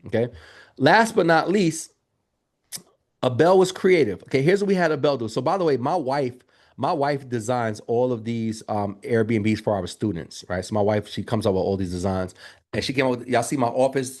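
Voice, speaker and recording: A man coaching viewers in casual livestream talk, animated and calling to the chat. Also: mid-range voice. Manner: animated, talks straight to the chat with lots of y'all. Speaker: Airbnb business coach. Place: home office.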